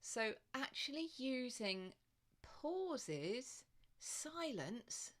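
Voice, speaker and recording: A woman's voice: lively intonation, slow, fairly bright tone. A woman voice coach giving online presenting tips to camera in a chatty, demonstrative way, speaking into a desk microphone in front of her. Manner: chatty and demonstrative, varies pitch and volume to show points.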